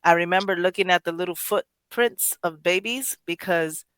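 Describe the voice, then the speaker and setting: A woman's voice: lowish voice, moderate pace, a bit bright, clear, resonant tone, no echo. A woman hosting a poetry podcast, speaking emotionally in casual chat, rambling with many restarts and self-corrections. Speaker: poetry show host.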